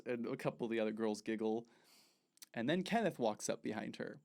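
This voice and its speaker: A man narrating a tabletop game as game master in a relaxed way. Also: mid-range voice, brisk, gravelly.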